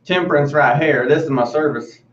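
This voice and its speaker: A man's voice: mid-range voice, normal speed, lightly acted. A man putting on a Southern US accent in a folksy, self-mocking way, introducing his dogs. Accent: Southern US (put on). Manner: folksy, laughing at himself. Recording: distant, dull echoey video-call audio.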